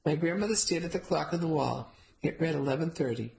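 A woman's voice: deep voice, animated, fairly quick, creaky, warm tone, rough recording. A woman narrating a first-person novel, telling the story steadily with light character voices. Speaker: audiobook narrator.

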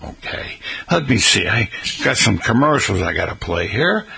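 A man's voice: fairly low pitch, sing-song, normal speed, vocal fry, pushed and bright, husky, rough recording. A male radio host chatting casually and folksily with his listeners.

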